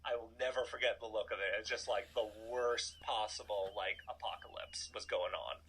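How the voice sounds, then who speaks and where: A man in his thirties telling a personal story in a casual, animated way, full of "like" and asides. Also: on the low side, moderate pace, slightly rough, poor audio. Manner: animated, chatty, filler-heavy "like". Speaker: storytelling guest.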